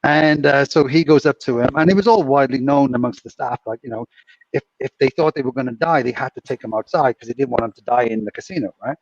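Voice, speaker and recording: A man's voice: mid-range voice, quick pace, distant mic, muffled recording. A man co-hosting a casual chat, telling a long, rambling anecdote and chuckling through it. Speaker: co-host.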